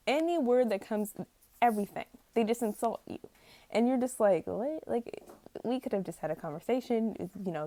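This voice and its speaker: A woman's voice: mid-range voice, warm tone, dry recording. Exasperated young woman ranting to camera. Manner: rambling, exasperated, stumbles over words and laughs at herself. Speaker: vlogger. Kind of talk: casual rant to camera.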